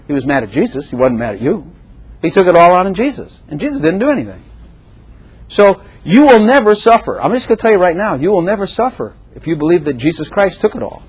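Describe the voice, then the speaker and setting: An older man preaching a sermon to a congregation, animated and exhorting, often acting out prayers in his own voice. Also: high-pitched, husky.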